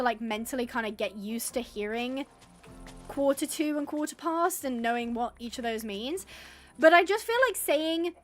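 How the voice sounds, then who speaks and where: A woman's voice: high-pitched, a bit bright. An English woman live-streaming a game, chatting casually and rambling, laughing often as she reads out the chat. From England.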